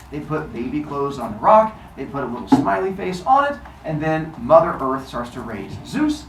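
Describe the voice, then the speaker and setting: Animated male storyteller with lively pitch. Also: far from the mic, slight background noise. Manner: animated, jokey, quizzes listeners. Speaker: storytelling teacher. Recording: echoey room.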